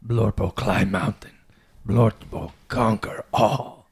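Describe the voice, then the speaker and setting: A man voicing a dim-witted, muscle-bound barbarian who talks in slow, broken phrases. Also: fairly low pitch, fairly even intonation, slightly rough, full character voice. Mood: boastful. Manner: slow, broken caveman speech.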